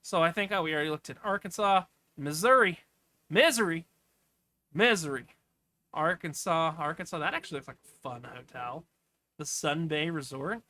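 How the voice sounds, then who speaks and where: A man's voice: a little high, fairly quick, bright, forceful tone. A man giving casual, off-the-cuff commentary as he clicks through travel listings, rambling with asides. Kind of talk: casual screen-share commentary.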